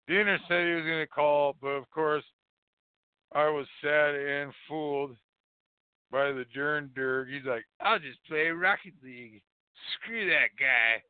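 A man's voice: a little high, smooth, dry recording. A man hosting a call-in show, rambling casually with profane, mocking jokes. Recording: phone-like dry lo-fi audio.

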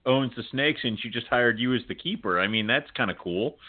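A man hosting a podcast, chatting in a relaxed, jokey way with small stammers. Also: mid-range voice, a little fast. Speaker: podcast host. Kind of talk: casual interview chat. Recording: tinny phone-line sound.

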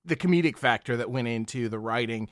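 A man's voice: mid-range voice, fast, fairly bright tone, no room sound. A man co-hosting a casual podcast talks in a hesitant, stammering way, starting words over as he feels for them. His voice sounds dry and close, with no room around it. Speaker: podcast co-host. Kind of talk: casual chat.

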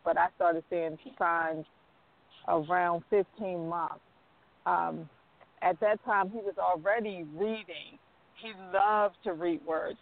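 Gravelly woman caller on a phone line. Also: on the low side. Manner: slow, hesitant, many filler sounds. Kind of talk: sharing her story on a phone prayer line.

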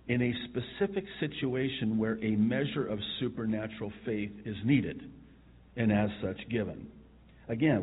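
A male pastor preaching a sermon, telling the story with chuckles and soft asides. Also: fairly low pitch. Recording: tinny phone-like sound.

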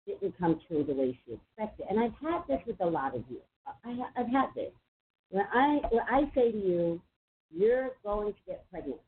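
A woman's voice: low-pitched, a little hiss or hum. Woman psychic call-in host, chatty and emphatic, tinny phone-line sound. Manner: chatty, emphatic, quick asides. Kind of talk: casual call-in talk.

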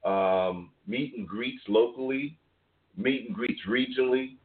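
A man's voice: medium pitch, a little slow. A man hosts a family call-in, steering each caller and repeating his thanks for emphasis. His voice sits in an ordinary middle range. It comes through a thin, tinny phone line. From New York. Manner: emphatic, repeats phrases for warmth.

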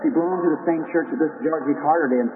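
A man's voice: fairly high pitch, fast talker, phone-quality sound, slight background noise. A man preaching an earnest, rambling storytelling sermon, calling his listeners friends, in an old 1940s recording from a meeting hall. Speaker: evangelist preacher.

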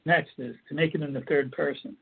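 A man's voice: on the high side, steady tone, brisk, gravelly, slightly rough. A man giving an earnest instructional talk on coping techniques, often restarting his phrases as he explains. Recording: tinny phone-like audio.

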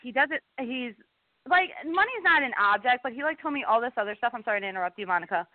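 Animated woman telling a dating story. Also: a little high, quick pace, no room sound. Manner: animated, swearing, acting out quotes. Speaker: guest. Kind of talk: casual storytelling chat. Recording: tinny phone-like line.

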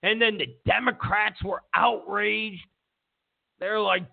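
A man's voice: high voice, steady tone, slow, creaky. A man hosting a political commentary show, ranting in a sarcastic, mocking way, stumbling over restarts and mimicking opponents. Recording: tinny phone-like lo-fi sound.

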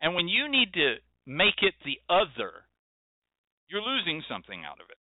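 Brief: impassioned male host, rhetorical and forceful, fairly high voice, phone-like and dry. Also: huge pitch swings, moderate pace, no room sound. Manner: emphatic, preachy, repeats phrases for effect. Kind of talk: impassioned monologue. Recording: dry tinny phone-like sound.

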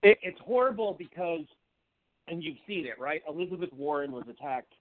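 A man calling in to a talk show, speaking in a heated, fired-up way with a voice that turns a little hoarse. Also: on the high side, expressive, moderate pace, dry recording. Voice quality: voice turning hoarse. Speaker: call-in guest. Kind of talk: political call-in rant. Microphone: phone call. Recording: tinny phone line.

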